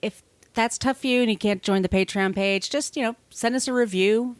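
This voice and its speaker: A woman's voice: fairly high pitch, fairly quick, no room sound. A woman with a nasal voice co-hosting a podcast, rambling through thank-yous to listeners. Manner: warm, rambling thank-yous, caffeinated energy. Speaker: podcast co-host. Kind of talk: casual podcast chat.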